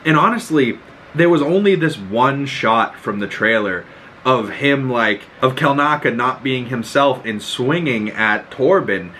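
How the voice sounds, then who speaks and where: Excitable guy recapping an episode, swears a lot, acts stuff out, faint hiss behind. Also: medium pitch, measured pace, rough recording. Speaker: podcast host.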